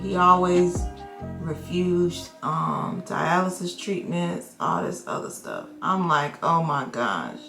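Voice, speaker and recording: A woman nurse vlogger telling a work story in casual chat, slangy and animated, acting out what people said. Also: lowish voice, reverberant. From Florida. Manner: animated, slangy, acts out quotes.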